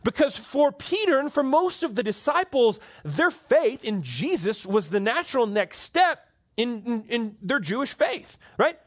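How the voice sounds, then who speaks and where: Lively high-voiced man preaching a sermon. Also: a little slow. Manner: conversational, keeps asking "right?". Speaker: pastor. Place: church hall with an audience.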